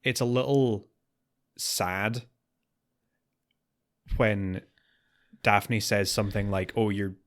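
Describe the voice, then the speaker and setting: Male podcast co-host, lowish voice, chatty and animated. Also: takes it slowly, pauses often. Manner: animated, rises in pitch when worked up. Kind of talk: casual chat.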